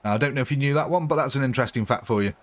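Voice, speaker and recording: A man's voice: medium pitch, very fast. Chatty man live-streaming. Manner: chatty, laughs often, rambling with fillers. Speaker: livestreamer chatting with viewers. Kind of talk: casual live-stream chat.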